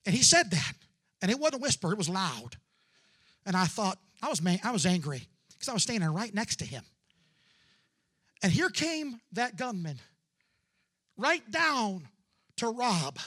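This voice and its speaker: High-voiced preacher telling a testimony. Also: male voice, very animated. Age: 40s. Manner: builds from hushed storytelling to loud preaching fervor; drawn-out "uh" fillers between phrases. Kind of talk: sermon testimony.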